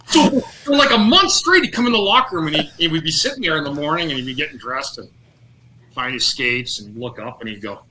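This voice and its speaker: A middle-aged man, a former hockey player, telling lively anecdotes on a podcast, acting out quotes and laughing often. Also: fairly high pitch, a little fast, slight background noise, rough recording. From Canada. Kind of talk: casual storytelling.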